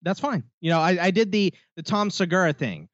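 Man, podcast co-host, casual storytelling, lively pitch, dry close sound, dull lo-fi recording. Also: fairly quick, no room sound. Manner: animated storytelling with quoted voices. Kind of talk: casual chat.

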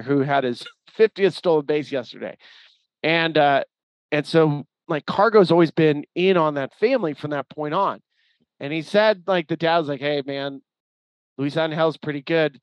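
Higher-pitched guy on a sports podcast, animated, acts out the back and forth, dry muffled sound. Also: moderate pace, dry recording. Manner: animated storyteller, acts out quoted exchanges. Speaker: podcast co-host. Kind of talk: casual sports chat. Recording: dry, slightly muffled audio.

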